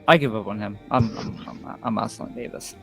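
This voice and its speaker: A man's voice: lowish voice, moderate pace, creaky, over music. A man teasing his friends in casual chat before a tabletop game. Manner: teasing, mocking banter.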